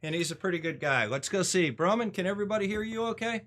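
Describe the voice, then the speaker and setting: A man hosts a relaxed livestream from his home, chatting in a folksy, joking way. His voice sits a little higher than most men's. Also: fast. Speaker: host. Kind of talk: casual livestream chat. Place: home in Northern Michigan.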